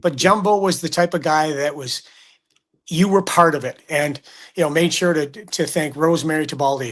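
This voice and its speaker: A middle-aged man, a hockey broadcaster telling stories in casual sports chat and acting out the quotes. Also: on the high side. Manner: animated storyteller, acts out quotes.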